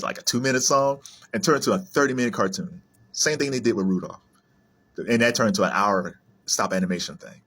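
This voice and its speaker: Animated, husky-voiced man chatting. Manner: animated, laughs often, jumps into high silly voices. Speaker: video creator. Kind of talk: casual solo chat to camera.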